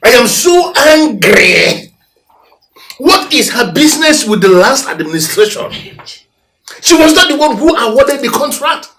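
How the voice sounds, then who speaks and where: An actor playing a furious scheming politician in a film, speaking with a Nigerian accent, loud and agitated. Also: male voice, on the high side, sing-song, moderate pace, pauses often. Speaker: kingdom politician. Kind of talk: film acting.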